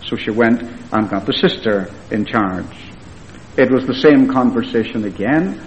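A man telling a story in a sermon as a preacher, in a plain, earnest and measured way. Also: mid-range voice, animated, slight background noise, low-quality recording.

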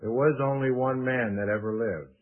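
A man preaching a sermon, slow and halting with many pauses and fillers. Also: mid-range voice, steady tone. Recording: tinny phone-line sound.

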